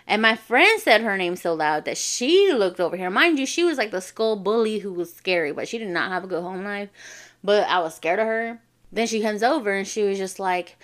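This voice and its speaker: A woman's voice: mid-range voice, expressive, fairly quick, fairly bright tone. A young adult woman from a Navajo reservation, telling a personal story in casual, slangy speech and swearing freely. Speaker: vlogger.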